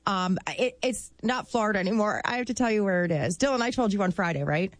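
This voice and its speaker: A woman's voice: medium pitch, quick pace, no room sound. A woman chatting casually on a radio show, telling stories and laughing often. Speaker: show regular.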